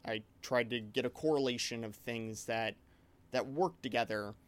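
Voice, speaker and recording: Male game master, average pitch, rambling animated storyteller, casual chat. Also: normal speed.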